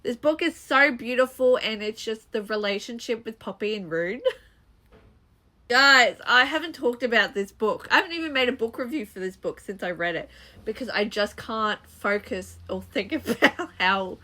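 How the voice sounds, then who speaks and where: A woman's voice: fairly high pitch, lively intonation, normal speed, pushed and bright. A young woman chatting casually about books she read, rambling with restarts and little laughs. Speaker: booktuber. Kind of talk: casual book review chat.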